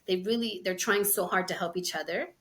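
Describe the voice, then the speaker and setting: A woman's voice: lowish voice, fairly quick, fairly bright tone. A woman hosting a podcast in casual chat, laughing often and acting out conversations. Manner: chatty, laughs often, acts out quoted dialogue. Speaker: podcast host.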